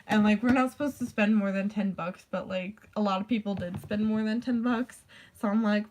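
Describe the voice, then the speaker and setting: A vlogger chats casually in a darkish, medium-pitched voice, keeping her intonation fairly even at a moderate pace. She rambles, packing her talk with "like" fillers and tossing in offhand swearing.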